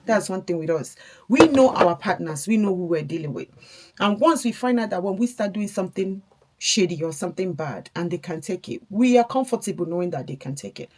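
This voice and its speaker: A young woman talks straight to her viewers while getting ready. Her voice sits a touch lower than most women's, and she rambles in a candid, confiding way, circling back on her own thoughts. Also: lively intonation, fairly quick, a little mellow. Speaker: vlogger. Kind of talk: casual get-ready-with-me storytelling.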